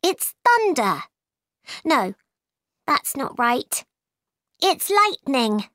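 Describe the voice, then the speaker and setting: A woman's voice: high voice, big pitch swings, very slow, sharp tone, no room sound, clean studio sound, voice pushed up, heavily acted. A woman voicing a curious, polite young girl in a storybook, asking earnest, puzzled questions.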